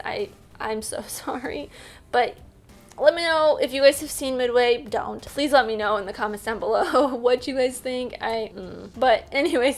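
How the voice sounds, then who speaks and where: A young woman, casually reviewing a movie for her vlog in a chatty, candid way. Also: on the high side. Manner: chatty, candid, laughs easily.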